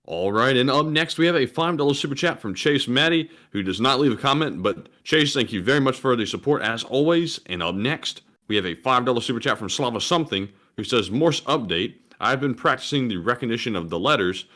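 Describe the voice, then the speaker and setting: A male co-host on a live stream, reading viewer messages in a steady, friendly cadence. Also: mid-range voice, fairly quick, few pauses.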